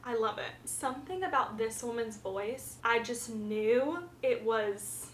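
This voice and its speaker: A woman's voice: on the high side, a little slow. A young woman from the American South giving frank, chatty book reviews in a casual vlog, full of fillers. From Southern United States, the Carolinas. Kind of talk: casual chat. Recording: roomy echo, faint background hiss.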